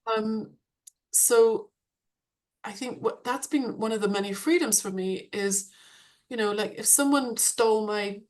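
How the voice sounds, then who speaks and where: A woman coach and author talking reflectively on a video call, restarting sentences and laughing lightly. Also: a little high. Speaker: coach and author, webinar guest. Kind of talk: reflective conversational talk.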